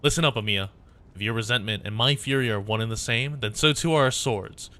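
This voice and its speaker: A man's voice: lowish voice, a little fast, bright, forceful tone. A man voicing a blunt, fierce swordswoman. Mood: stern.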